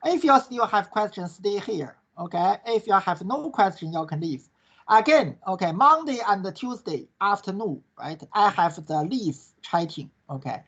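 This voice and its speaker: A man's voice: high voice, lively intonation, normal speed, a bit bright. A male course instructor answering questions in an online class, in non-native English that tags most sentences with "right?" and "okay?". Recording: dull lo-fi online class recording.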